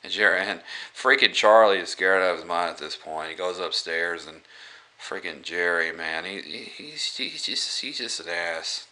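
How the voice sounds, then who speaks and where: A man retells a horror film's plot in a casual, rambling way, full of fillers and restarts. His voice is low and deep, with a bright, forceful edge. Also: moderate pace. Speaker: movie reviewer. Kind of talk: casual film review.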